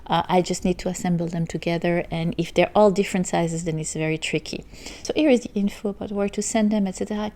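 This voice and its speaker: A woman's voice: fairly low pitch, mellow. A woman hosting a crochet channel, chatting casually on camera while she opens packages from viewers and thanks them at length. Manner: gushing, effusive, repeats "so, so much". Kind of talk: casual vlog, opening mail on camera.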